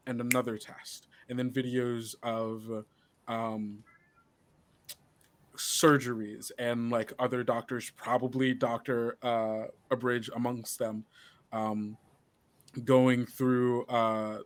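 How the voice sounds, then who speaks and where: A man narrating a tabletop game as game master, halting and full of filler words. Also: mid-range voice.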